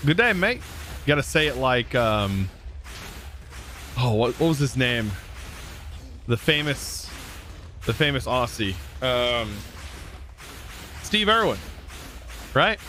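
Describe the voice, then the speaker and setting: A young man live streaming, chatting casually with viewers in a relaxed, rambling way full of fillers and restarts. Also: mid-range voice, slow pace, long pauses, a little hiss or hum. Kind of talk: casual chat reading viewer comments.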